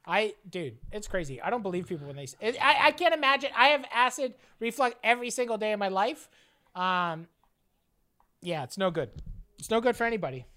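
A woman's voice: medium pitch, animated, fairly quick, fairly bright tone. A woman co-hosting a podcast in casual chat, rambling with a constant "like" and joking crudely. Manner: rambling, heavy use of "like". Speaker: podcast co-host.

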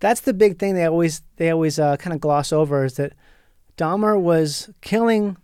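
Joking Minnesota-raised guest, dry sound. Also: male voice, on the high side, moderate pace, a little mellow, smooth, no echo. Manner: jokey, riffs into character voices. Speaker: comedian guest. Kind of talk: casual podcast chat.

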